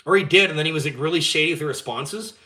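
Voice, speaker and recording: A young man, hosting a live stream and telling a story in casual, animated chat, swearing freely and acting out the dialogue. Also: a little high, very fast, very noisy. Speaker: channel host.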